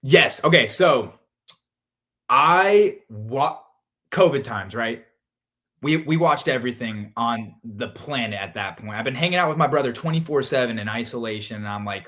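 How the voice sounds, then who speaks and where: A young man from San Diego, a guest in a casual interview, telling stories with lively acted-out quotes. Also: moderate pace. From San Diego, California. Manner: animated, acts out quotes with big jumps in pitch and volume. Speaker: interview guest, reality show contestant.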